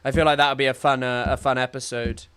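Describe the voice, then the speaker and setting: A man's voice: mid-range voice, level tone, fast, fairly bright tone, a little hiss or hum. A young man, rambling and sarcastic in casual live-stream commentary, full of restarts and fillers. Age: young adult.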